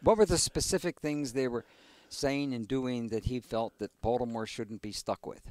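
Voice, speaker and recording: A man's voice: medium pitch, moderate pace, darkish tone, no room sound. A man hosting a radio talk show, asking questions and adding short reactions. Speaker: radio host. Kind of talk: radio interview.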